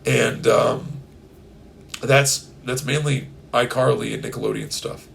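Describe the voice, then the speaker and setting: A hoarse young man co-hosting a podcast in casual, playful, rambling chat. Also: medium pitch, steady tone, unhurried, a little hiss or hum. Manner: playful, rambling, breaks into silly bits. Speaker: podcast co-host.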